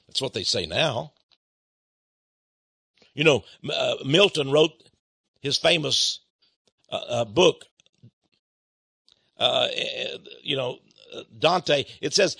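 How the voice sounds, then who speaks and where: A man preaching a fiery sermon, swinging from booming shouts to low asides and stumbling over repeated words. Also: sing-song, slow, pauses often, dry recording, studio quality.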